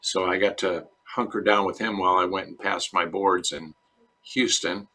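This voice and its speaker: Bright-voiced man telling stories, low pitch. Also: normal speed. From Chicago. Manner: relaxed storyteller, acts out quoted voices. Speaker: dentist guest. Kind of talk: conversational interview answers.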